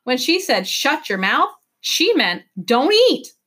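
A fussy elderly professor who flusters easily, voiced by a woman reading a storybook aloud. He keeps his voice hushed and breathy, and it sits slightly high. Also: big pitch swings, slow pace, full character voice. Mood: fussing.

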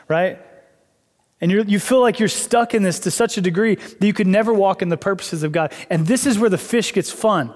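A man's voice: high voice, a little fast. A young adult male pastor preaching a casual, conversational sermon, acting out inner dialogues with God, in a church hall.

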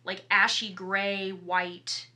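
A woman co-hosting a podcast, chatting casually about a movie in an animated, emphatic way. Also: mid-range voice, extremely slow. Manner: animated, emphatic, restarts often, mimics lines. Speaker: podcast co-host. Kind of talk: casual movie review chat.

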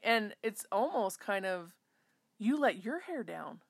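Gravelly-voiced chatty woman host. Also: mid-range voice, sing-song, takes it slowly, dry recording, studio quality. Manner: chatty, self-interrupting, reflective. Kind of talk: casual chat.

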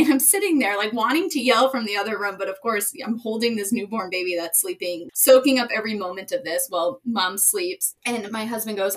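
A woman in her thirties co-hosting a parenting podcast, telling stories in a lively, casual way and laughing often. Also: mid-range voice, quick pace, few pauses. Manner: animated storyteller, laughs often. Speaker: podcast co-host. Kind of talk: casual chat.

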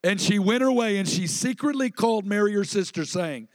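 A man with a high voice preaching to a congregation in a church sanctuary. He talks it through conversationally and prompts the room to answer back. His voice rings with a long hall reverb, though the mic itself sounds close and dry. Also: lively intonation, brisk, few pauses. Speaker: pastor. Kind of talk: sermon.

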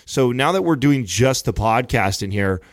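A man's voice: mid-range voice, animated, normal speed, no room sound, clean studio sound. A man co-hosting a podcast in casual chat, rambling and often restarting his sentences as he explains. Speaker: podcast co-host.

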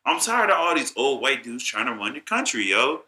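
A man's voice: mid-range voice, big pitch swings, a little fast, noisy background. A young man co-hosting a casual chat, ranting in profane, slangy speech. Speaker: co-host.

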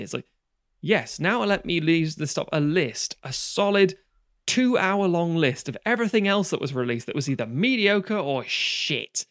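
A man's voice: fairly high pitch, expressive, normal speed, a bit bright. Swearing man chatting about films. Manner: swears freely, acts out quoted voices. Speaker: podcast co-host. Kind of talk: casual film chat.

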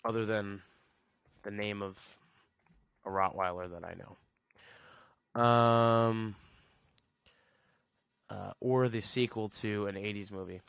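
A man's voice: fairly low pitch, fairly even intonation, takes it slowly, creaky, pauses often, a bit bright, clean tone, dry recording, clean studio sound. A man hosting a podcast, rambling sarcastically in a casual solo rant and chuckling at his own jokes. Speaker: podcast host.

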